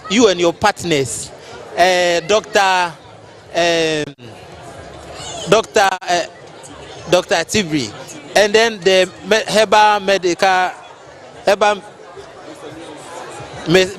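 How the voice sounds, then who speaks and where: A high-voiced man speaks in a slow, measured way as he addresses a festival. He is openly moved and piles on thanks again and again, with a crowd faintly heard behind him outdoors. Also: fairly bright tone. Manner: effusive, repeating thanks. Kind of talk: emotional public speech.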